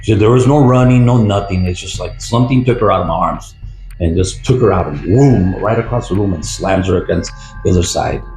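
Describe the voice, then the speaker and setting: An older man, a retired police officer, recounting an experience from his career in a rambling, halting way with many fillers. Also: low-pitched, a little mellow. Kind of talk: storytelling interview. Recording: roomy echo with faint music.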